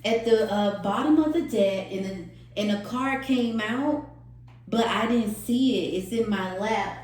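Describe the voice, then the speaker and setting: A woman's voice: medium pitch, unhurried, a little mellow, echoey room, rough recording. A woman giving an emotional, earnest tarot reading to her viewers, repeating phrases for emphasis. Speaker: tarot reader.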